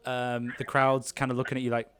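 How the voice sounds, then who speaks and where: Rambling game master. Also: male voice, mid-range voice, completely flat delivery, brisk, noisy background. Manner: rambling, full of ums and kind-ofs. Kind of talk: improvised tabletop game narration.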